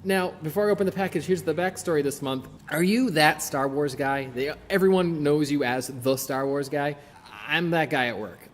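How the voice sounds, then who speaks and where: Unboxing toys on his own podcast, this man is chatty, eager, and quick to poke fun at himself. His voice is a little high and moves at a moderate pace, with a roomy sound and slight background noise.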